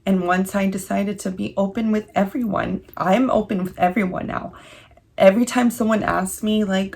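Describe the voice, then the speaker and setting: Gravelly-voiced young woman confiding. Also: mid-range voice, steady tone, darkish tone. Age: 20s. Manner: earnest, confiding, halting with emotion. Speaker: vlogger. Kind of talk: candid personal vlog.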